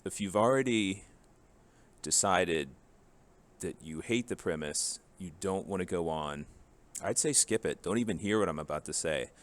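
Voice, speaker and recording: Very deep-voiced man teaching a lesson. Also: normal speed. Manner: casual and joking, drills forms one by one. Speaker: Spanish teacher. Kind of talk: recorded grammar lesson.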